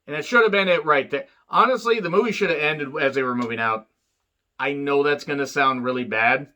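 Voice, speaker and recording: A man's voice: brisk, bright, forceful tone, highs cut off. A man casually recapping and reviewing a film, rambling and profane, with many fillers and wisecracks. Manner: jumps up in pitch when acting out quotes. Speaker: movie reviewer.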